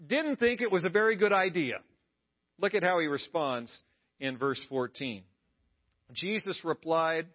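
High-voiced male pastor preaching. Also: muffled recording. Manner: conversational, with playful asides to the congregation. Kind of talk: sermon. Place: church service.

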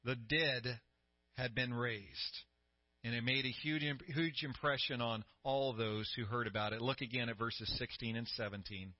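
A middle-aged man preaching a sermon as pastor, telling the story with growing excitement and a voice that climbs high. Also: a little slow, no room sound. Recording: dry, slightly dull sound.

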